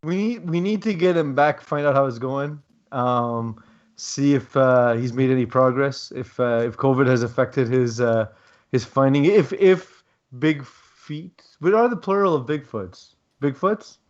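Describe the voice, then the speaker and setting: A man's voice: mid-range voice, a little slow. Rambling man on a lo-fi podcast. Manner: rambling, filler-heavy, wry asides. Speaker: podcast co-host. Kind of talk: casual chat.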